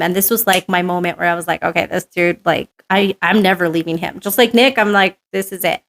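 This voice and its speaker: A chatty, new woman storyteller with a mid-range voice appears as a podcast guest in casual interview conversation. She tells stories animatedly, uses "like" constantly, and acts out quotes.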